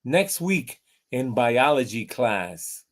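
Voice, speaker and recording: A man reading out the lines of a calm female carnival psychic in a joke. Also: medium pitch, slow, noisy background. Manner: calm, matter-of-fact.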